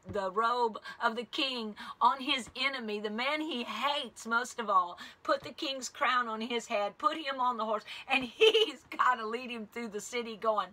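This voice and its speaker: Bright-voiced woman teaching Bible study. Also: fairly high pitch. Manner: animated, chatty storytelling.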